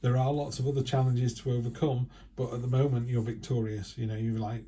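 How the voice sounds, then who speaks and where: Very dark-voiced man reading tarot. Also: medium pitch, flat delivery, fairly quick. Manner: chatty, acts out quoted remarks in other voices. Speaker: tarot reader. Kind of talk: casual spoken tarot reading.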